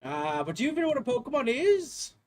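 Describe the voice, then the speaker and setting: A man voicing a fussy, genteel old-fashioned male professor with a put-on posh accent, talking high and chirpy. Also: huge pitch swings, fast talker, exaggerated voice.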